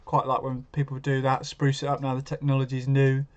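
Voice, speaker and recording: A man's voice: medium pitch, monotone, fairly quick, highs cut off, soft background music. A man hosting a live stream, chatting casually and answering viewers' comments as he goes.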